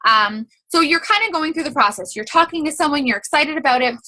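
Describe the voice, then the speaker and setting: Young woman team leader, casual coaching talk; bright and a bit high, chatty, acts out example messages. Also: animated, a little fast. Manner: chatty, many fillers, acts out quoted messages.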